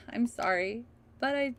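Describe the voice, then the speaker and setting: A woman reading as a cheerful young noble girl, a little higher. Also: slow pace. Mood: happy. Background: game music.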